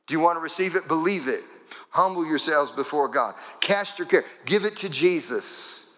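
A man preaching a sermon in a church, his slightly high voice bright and forceful. He drives his points home with rhythmic, repeated phrases. The sound rings with the long reverb of a large hall. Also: normal speed. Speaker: pastor.

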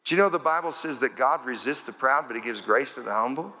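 A man's voice: medium pitch, quick pace, bright, forceful tone. A male pastor preaching a sermon in church, building momentum with rhythmic, repeated phrases. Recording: echoey church hall.

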